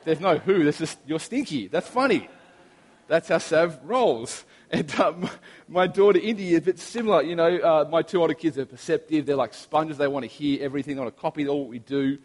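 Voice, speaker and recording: A man's voice: fairly high pitch, a little fast, darkish tone. A man in his thirties, a pastor, preaching a sermon in a chatty, storytelling way with frequent restarts. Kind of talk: sermon with prayer. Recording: long reverb of a large hall.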